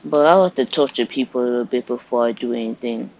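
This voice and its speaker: A man voicing a cruel male killer creature who calmly boasts about killing, in an amateur spoken story. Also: mid-range voice, fast, a little hiss or hum, natural voice. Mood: cold boastful. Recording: dull lo-fi recording.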